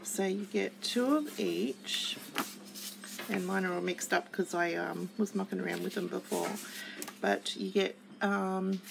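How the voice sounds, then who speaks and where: Woman, gushing craft unboxer, unhurried delivery, some vocal fry. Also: on the low side, noisy background. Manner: gushing and chatty, with many fillers. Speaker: craft kit reviewer. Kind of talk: casual unboxing chat.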